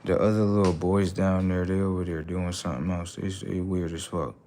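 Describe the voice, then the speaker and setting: A man hosting a livestream, ranting in a preachy, confrontational way and talking back to his chat, swinging from loud outbursts to low mutters. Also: flat delivery, brisk, slight background noise. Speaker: livestream host. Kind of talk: casual livestream rant.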